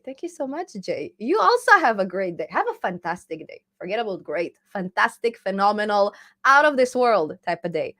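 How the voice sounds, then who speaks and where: A woman hosting a casual live stream about programming. She is chatty and laughs often, reading viewer comments aloud and answering them in an easy, relaxed flow. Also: medium pitch, moderate pace. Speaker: programming channel host.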